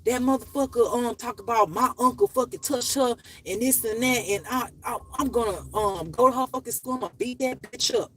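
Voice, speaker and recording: A woman's voice: on the high side, a little fast, few pauses, soft background music, voice pushed up, lightly acted. A woman voicing a hostile teenage girl who is threatening a fight, in a crude, aggressive way.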